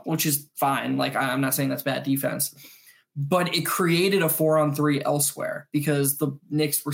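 A man with a fairly high voice full of vocal fry talks through a postgame sports podcast. He picks apart plays in quick, animated bursts and restarts himself now and then. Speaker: podcast co-host. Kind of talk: casual postgame sports analysis.

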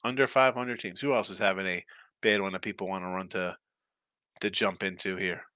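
On a sports betting picks stream, a man chats loosely, muses aloud, and responds to comments from his viewers. His low-pitched voice is brisk, bright and forceful with a steady tone, recorded dry.

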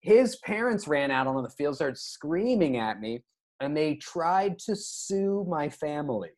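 A man's voice: fairly high pitch, measured pace. A man telling a funny story in casual podcast chat, acting out the people in it. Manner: animated, acts out quoted voices.

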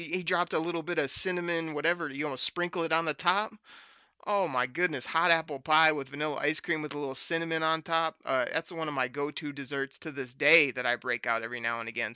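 Host, man, very bright smooth voice, dry close sound, upbeat. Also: fairly high pitch, dry recording. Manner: laughs easily, upbeat storyteller. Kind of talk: casual chat.

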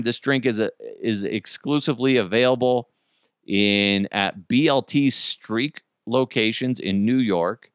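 A man's voice: on the low side, fairly bright tone, no room sound, clean studio sound. A man hosting a comedy podcast, talking in a crude, joking, rambling way. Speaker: podcast host.

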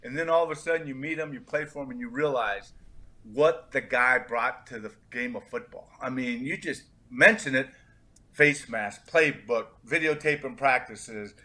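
At a normal speed and medium pitch, a middle-aged ex-football player from California tells lively anecdotes as a podcast guest, taking on the voices of the people in them.

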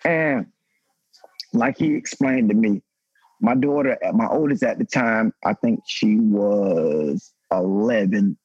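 Husky guy in his 30s pouring out a heavy personal story, swears a lot, dry dull sound. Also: slow, a little mellow, dry recording. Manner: raw, emotional, profane, pitch climbing when stirred. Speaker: guest, former pro football player. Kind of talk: candid personal story on a podcast panel.

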